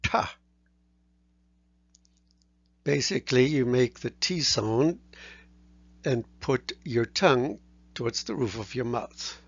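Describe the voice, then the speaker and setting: A man teaching a language lesson, explaining sounds slowly and carefully and sounding out each letter. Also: mid-range voice, creaky, slightly rough, no room sound, muffled recording. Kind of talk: recorded lecture.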